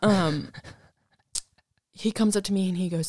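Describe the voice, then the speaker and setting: A woman's voice: on the low side, normal speed, pauses often, darkish tone, dry recording, studio quality. A young woman telling a college story in casual chat, swearing often and full of fillers. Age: young adult.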